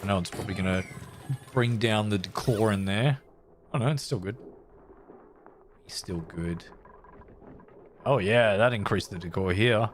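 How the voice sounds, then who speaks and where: Low-voiced man streaming a game. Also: measured pace, long pauses, slight background noise. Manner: thinks aloud while building, chats playfully with viewers. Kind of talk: casual live-stream commentary.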